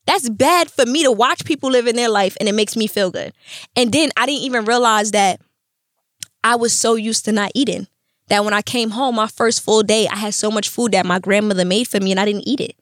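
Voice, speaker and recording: A young woman telling her story as a podcast guest, animated and profane, acting out quotes in street slang. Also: on the high side, brisk, dry recording, clean studio sound. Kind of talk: candid storytelling interview.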